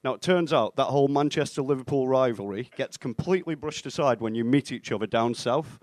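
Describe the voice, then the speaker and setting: Deadpan young stand-up. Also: male voice, medium pitch, fairly quick, dry recording. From England (Stoke-on-Trent). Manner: deadpan, self-mocking delivery with acted-out dialogue. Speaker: stand-up comedian. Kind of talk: stand-up comedy set. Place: comedy club stage.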